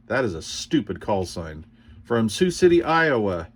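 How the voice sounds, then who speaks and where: A man's voice: medium pitch, lively intonation, a little slow. A man chatting casually as he unboxes radio cards, rambling and joking as he reads call signs aloud. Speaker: CB radio hobbyist vlogger.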